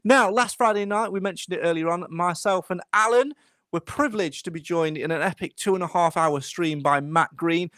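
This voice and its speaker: A man's voice: high-pitched, fairly bright tone, dry recording. Chatty man hosting a podcast, dry sound. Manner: chatty, brisk announcer-style links. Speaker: podcast host.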